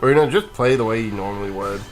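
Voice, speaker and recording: A man's voice: lowish voice, fast talker, soft background music. A man giving casual, rambling commentary while playing a video game, sleepy and yawning, chuckling and restarting his sentences. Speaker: let's play gamer.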